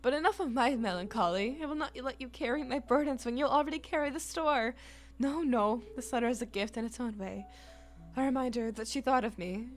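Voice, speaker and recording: A woman voicing a flamboyant, theatrical man in a game, speaking in a booming, grandly formal way. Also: fairly quick, faint music behind, close to an everyday voice. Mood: bracing. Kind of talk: game dialogue reading.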